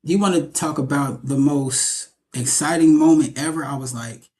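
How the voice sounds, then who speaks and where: A young adult actor tells stories in a casual interview at normal speed, his voice fairly high. He's animated and often repeats his words as he talks.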